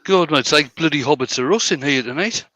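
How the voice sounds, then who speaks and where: Man, woodturner, live-stream banter, bright tense tone, slightly high voice. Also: fairly quick, no echo. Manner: joking, banter-heavy. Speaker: woodturner demonstrating. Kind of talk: casual live-stream chat while working.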